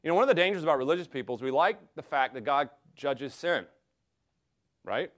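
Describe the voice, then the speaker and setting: A man's voice: fairly high pitch, lively intonation, a little fast, a bit bright. A man from the American South leading a Bible study as a seminary professor, speaking earnestly and conversationally with many rhetorical questions. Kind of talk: classroom Bible study lecture.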